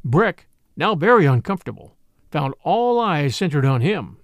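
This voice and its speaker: Brief: male audiobook narrator, expressive reader, raised pitch, dry close sound. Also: moderate pace, no echo. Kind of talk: scripted narration.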